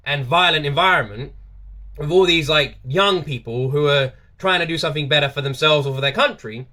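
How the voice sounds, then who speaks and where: A man from the United Kingdom hosts a reaction video, speaking casually and enthusiastically to his viewers and often repeating himself. His voice sits on the high side, brisk and sharp in tone.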